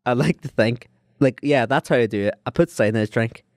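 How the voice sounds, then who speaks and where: An Irish man riffs through a made-up story on a podcast, mid-pitched and animated. He swears freely, laughs often and jumps into silly voices for the characters. The sound is dry and close. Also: quick pace, no room sound. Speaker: podcast co-host. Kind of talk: casual chat, improvised storytelling.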